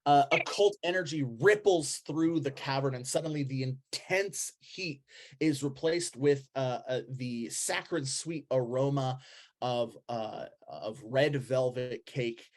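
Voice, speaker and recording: A man narrating a tabletop game as game master, pausing often with ums and uhs. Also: mid-range voice.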